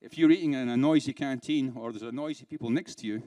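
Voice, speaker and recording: During a live conference keynote in a conference room, a man with a British accent talks conversationally, full of rhetorical questions and dry sarcasm. He is a fast talker with a mid-range, dark voice, recorded dry.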